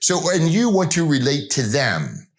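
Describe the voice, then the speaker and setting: A man's voice: on the high side, huge pitch swings, a little slow. A middle-aged man giving an informal sales training talk, conversational and rambling, with frequent restarts.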